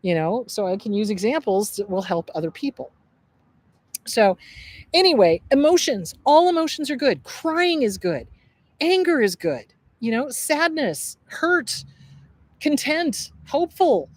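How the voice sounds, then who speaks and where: A woman's voice: on the high side, sing-song, measured pace, no room sound, rough recording. A middle-aged woman therapist hosting a casual livestream outdoors, talking in a blunt, jokey and emphatic way. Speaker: therapist and show host. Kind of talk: casual livestream advice talk. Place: outdoors at a table.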